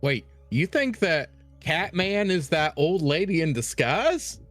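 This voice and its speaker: Guy player cracking jokes at the table, slightly high voice, very animated. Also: slow pace, dry recording, faint music behind. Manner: joking, laughs easily. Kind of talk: tabletop game chat.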